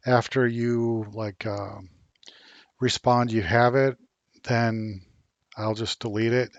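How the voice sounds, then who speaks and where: A man chats in a slow, halting way, stopping often for ums and starting sentences over. His voice sits at a middle pitch and sounds a little tired. It is recorded dry, with no room sound. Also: no echo. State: a bit worn out. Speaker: vlogger learning Spanish. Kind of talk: casual vlog chat.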